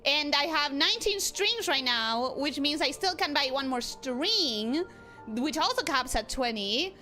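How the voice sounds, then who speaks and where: A young woman streaming a game, talking casually with a high, bright voice that swings widely in pitch. She turns expressive and exasperated at times, with faint game music playing behind her. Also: a little slow. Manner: expressive, bursts into exasperated outcries.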